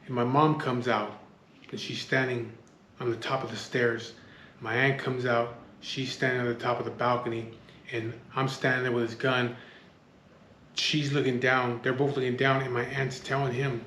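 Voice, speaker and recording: A man's voice: medium pitch, level tone, moderate pace, fairly bright tone, reverberant, a little hiss or hum. Blunt, hard-swearing man telling a story. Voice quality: blunt, heavy swearing, restless restarts. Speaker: storyteller recounting a street standoff. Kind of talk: casual spoken storytelling.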